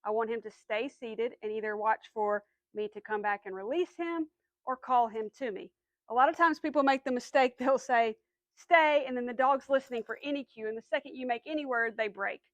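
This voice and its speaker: A woman's voice: fairly high pitch, fairly quick, no room sound, low-quality recording. A woman dog trainer patiently explaining commands step by step, then giving the dog short firm cues. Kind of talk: instructional dog training demo.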